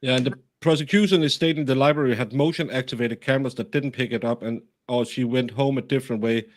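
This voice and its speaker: A man hosts a livestream, reading out viewer comments and stopping often to find his words. His voice sits in a middle range. He sounds unhurried. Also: mid-range voice, steady tone. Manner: halting, many fillers and restarts. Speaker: host.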